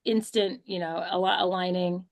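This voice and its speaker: A woman's voice: lowish voice, fairly even intonation, moderate pace. A woman co-hosting a podcast, asking friendly, rambling questions in a casual chat. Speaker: podcast co-host. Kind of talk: casual interviewing.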